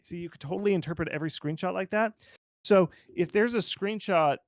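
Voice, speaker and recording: A man with a slightly high voice gives game marketing advice in a loose, animated way. He leans heavily on fillers and asides. His voice sits dry and close, with no room sound. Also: normal speed, dry recording. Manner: animated and informal, lots of fillers like "like". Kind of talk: conversational expert commentary.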